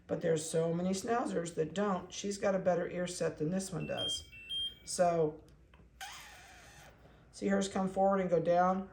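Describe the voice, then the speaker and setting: A woman's voice: fairly low pitch, darkish tone, echoey room. A woman dog breeder talking casually through a video update, chatty and cooing to the puppies.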